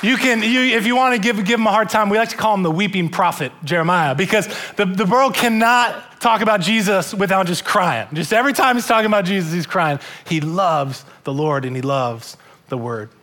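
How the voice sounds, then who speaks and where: A man's voice: high voice, fairly quick, sharp tone, a faint crowd. A male pastor delivering a church sermon in an earnest way, often repeating and restarting words.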